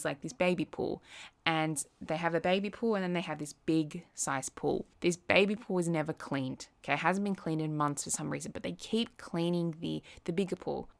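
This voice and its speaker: A young woman vlogger talking casually to the camera, chatty and quick to act out little quoted asides. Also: sits low, creaky. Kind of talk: casual chat.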